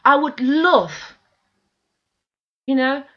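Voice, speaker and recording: With a high voice, lively intonation and drawn-out words, a middle-aged woman vlogger rants emotionally to camera. Pleading and exasperated, she swears frequently, recorded in dull lo-fi home video sound.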